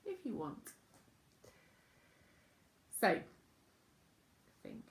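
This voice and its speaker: A woman teaching children school signs, gentle and patient, naming each word with pauses. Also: fairly low pitch, huge pitch swings, creaky, reverberant, a little hiss or hum. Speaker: children's sign language presenter. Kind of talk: slow teaching talk to children.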